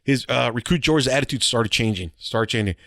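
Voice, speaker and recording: Animated, profane male storyteller. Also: medium pitch, a little fast, dry recording, clean studio sound. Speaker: podcast co-host. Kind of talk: casual storytelling chat.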